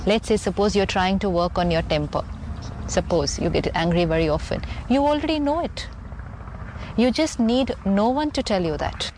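A woman speaking as a spiritual teacher, earnest and steady. She sits at an ordinary middle pitch and repeats key phrases for emphasis. A faint noise hums under the recording. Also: moderate pace, rough recording. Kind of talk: calm spiritual talk.

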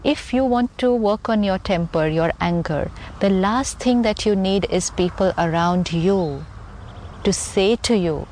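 Woman, calm spiritual teacher, earnest and repetitive for emphasis, faint hiss behind. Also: medium pitch, a little slow. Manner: calm, earnest, repeats key phrases for emphasis. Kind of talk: conversational teaching.

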